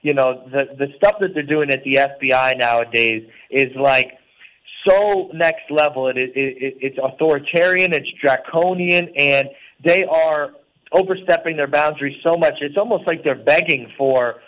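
A man's voice: fairly high pitch, normal speed, a bit bright, rough recording. A man calling in from prison as a guest on a talk radio show, speaking earnestly and rambling with many fillers.

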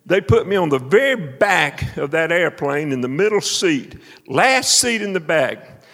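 A man preaching a sermon as a folksy, animated story, shouting praise and laughing along the way. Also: a little high, a little slow. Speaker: preacher and minister of missions. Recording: echoey hall.

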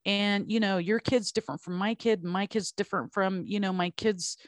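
A woman's voice: mid-range voice, steady tone, normal speed, no echo. Blunt, emphatic woman in casual chat.

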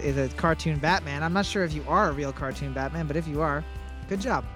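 High-voiced joking man hosting trivia. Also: fast, music in the background. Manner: joking, laughs often. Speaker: trivia host. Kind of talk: comedic podcast banter.

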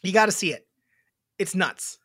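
A man co-hosts a podcast in loose, rambling chat, dropping casual swears. His voice has a pushed, bright edge. The sound is dry and close. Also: sits high, lively intonation, normal speed, slightly rough, dry recording. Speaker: podcast co-host.

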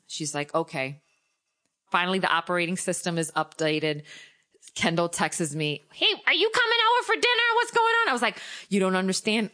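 A woman's voice: medium pitch, fairly bright tone. A woman telling a long story in casual chat, acting out the people she quotes and laughing often.

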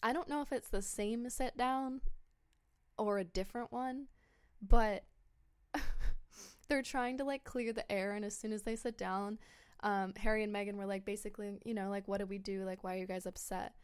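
A woman's voice: mid-range voice, steady tone, normal speed, pauses often, clear, resonant tone. A woman hosting a podcast in casual chat, gossipy and incredulous, with many fillers and short laughs. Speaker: podcast host.

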